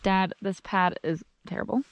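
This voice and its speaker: A woman's voice: medium pitch, fairly even intonation, normal speed, slight background noise. A young woman chatting casually on a camping vlog, giggly and playful, filmed outdoors on a handheld camera. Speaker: vlogger. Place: outdoors at a campsite. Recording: music over the audio. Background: background music.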